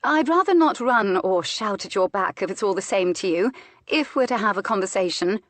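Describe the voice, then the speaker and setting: A woman voicing an anxious young gentlewoman who speaks tentatively, with careful, dry sarcasm. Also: mid-range voice, animated, moderate pace, no echo, close to an everyday voice. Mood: earnest tense. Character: earnest young gentlewoman, anxious, quietly sharp.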